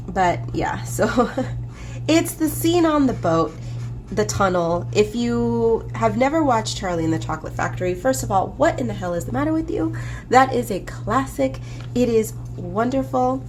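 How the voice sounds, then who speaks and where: A woman's voice: fairly high pitch, animated, normal speed, a little mellow, a little hiss or hum. A congested woman hosting a coloring video, chatting casually in a playful, rambling way with plenty of swearing. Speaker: coloring book artist and host. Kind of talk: casual chat while coloring.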